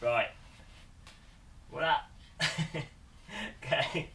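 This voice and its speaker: A man's voice: a little high, extremely slow, creaky, pushed and bright, reverberant, slight background noise. A man streaming live, chatting casually in a bemused, rambling way and laughing often.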